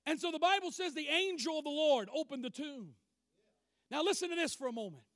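A male preacher with a strikingly high voice delivers a sermon. He is emphatic, rising to loud declarations and falling to quiet asides. The sound is dry and close, with no room echo. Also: a little fast.

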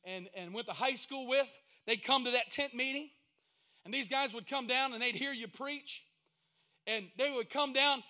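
A man delivers a sermon in a high, bright voice. He talks in a homespun, storytelling way and keeps building to emphatic, repeated points. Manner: folksy storytelling preaching, rising to emphatic points. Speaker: pastor.

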